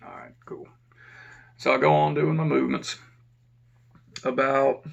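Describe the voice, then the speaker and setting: A former prison officer telling a casual, profane story and acting out the dialogue. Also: male voice, mid-range voice, normal speed, creaky, pauses often, lo-fi sound.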